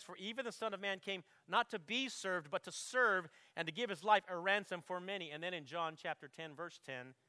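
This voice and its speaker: A man delivers a sermon in a bright, forceful voice that sits a bit high for a man. He swings from loud, emphatic quotations to low, reflective asides and clears his throat now and then. The sound is close and dry, with no room echo. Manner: emphatic preaching, swelling loud on quotes, dropping low to reflect. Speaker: pastor.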